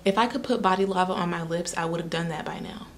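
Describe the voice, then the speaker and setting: Young woman beauty vlogger, slightly low voice, chatty and sassy, faint room hum behind. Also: fast talker. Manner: chatty, animated, sassy asides. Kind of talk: casual try-on review.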